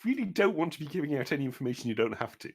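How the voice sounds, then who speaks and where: A man's voice: fairly high pitch, big pitch swings, very fast, a little mellow, breathy edge. A man joining a live stream chat, with dry, teasing quips. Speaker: stream guest. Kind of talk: casual chat.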